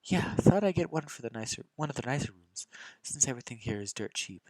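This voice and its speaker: A man's voice: mid-range voice, animated, quick pace, darkish tone, no room sound, lightly acted. A man voicing an eager, teasing young woman friend with an upbeat manner in an amateur visual novel reading.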